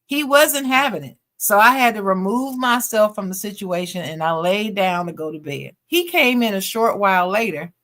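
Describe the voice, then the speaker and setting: Her mid-range voice moves at a moderate pace with few pauses as she, a podcast co-host, reads a listener's letter expressively. Now and then she breaks away for casual, slangy asides.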